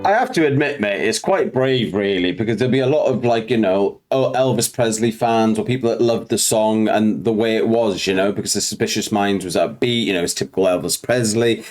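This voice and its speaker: Low-voiced man musing in a reaction chat. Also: a little fast, hardly any pauses, a little mellow, faint music behind. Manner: thoughtful, rambling, many fillers. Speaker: reaction video co-host.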